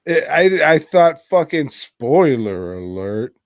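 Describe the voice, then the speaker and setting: A man's voice: medium pitch, very animated, slow pace, no echo, clean studio sound. A man co-hosting a podcast, reviewing movies in a profane, rambling and irreverent casual chat. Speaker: podcast co-host.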